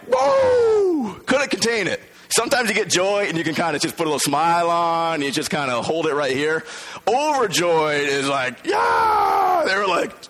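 A man pastor preaching an Easter sermon in a conversational way, acting out quoted voices and rising to excited shouts. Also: on the high side.

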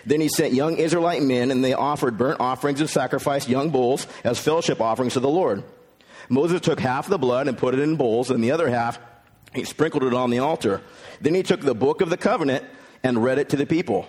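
A pastor preaching a sermon in a relaxed, conversational way, reading scripture and retelling it in everyday words. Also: male voice, mid-range voice, fairly quick, slightly rough.

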